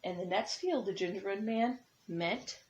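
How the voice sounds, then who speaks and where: A woman preschool teacher reading storybooks aloud to young children gently, with small slips, on a dull lo-fi recording. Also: mid-range voice, unhurried, a little hiss or hum.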